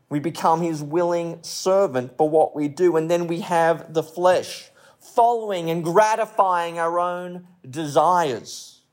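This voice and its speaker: A man with a slightly high, darkish voice preaches a sermon conversationally. He repeats phrases, restarts mid-sentence, and weaves in stories and light jokes.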